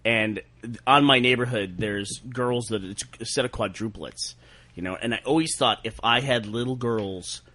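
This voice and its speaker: Husky, teasing man on a podcast. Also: medium pitch, moderate pace, pushed and bright. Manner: teasing, needling. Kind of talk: casual podcast chat.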